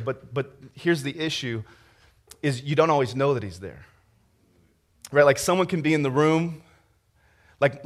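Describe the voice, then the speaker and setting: Casting: a man as a pastor, easygoing storyteller, mid-pitched voice, sermon delivery. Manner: conversational, storytelling with restarts and laughter.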